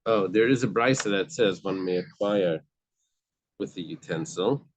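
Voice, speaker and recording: A man's voice: low voice, unhurried, a crowd in the background. A man teaching a casual Talmud study class, explaining step by step with everyday examples and frequent restarts. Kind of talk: casual study-group lesson.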